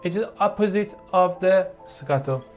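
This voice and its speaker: A piano teacher who explains a beginner piece in a slow, halting way, with frequent fillers and restarts. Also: medium pitch. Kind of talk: online piano tutorial.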